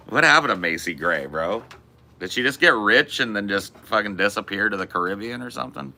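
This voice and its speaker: A man's voice: fairly low pitch, lively intonation, fairly quick, gravelly, bright, forceful tone. A man from California, chatting casually and profanely, laughing often. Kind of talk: casual chat with chat.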